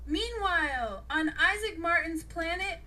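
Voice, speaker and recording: A woman narrating a storybook audiobook in a plain, unhurried read-aloud style. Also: very high voice, lively intonation, bright, forceful tone, slight background noise.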